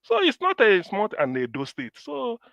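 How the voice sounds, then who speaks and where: A man from Anambra speaking Nigerian Pidgin English in a heated political chat, animated and repeating himself for emphasis. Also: extremely high pitch, moderate pace, creaky, no room sound.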